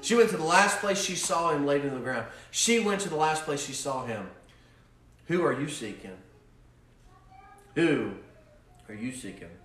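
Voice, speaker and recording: A male pastor preaching a sermon in a repetitive cadence that swells with fervor and then softens into prayer. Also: fairly low pitch, a little hiss or hum. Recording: roomy echo, mic at a distance.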